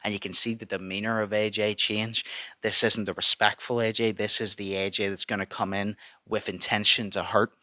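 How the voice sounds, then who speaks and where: A man's voice: lowish voice, little pitch movement, normal speed, sharp tone, dry recording. A man giving emphatic, sweary reaction commentary, repeating his points for stress. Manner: emphatic, repetitive, heavy swearing. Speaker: boxing commentary YouTuber.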